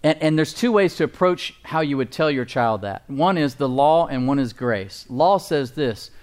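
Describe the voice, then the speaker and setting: A man's voice: mid-range voice, expressive, normal speed, clear, resonant tone. A man preaching a sermon as pastor, emphatic and folksy, often asking the congregation for agreement and chuckling at his own points.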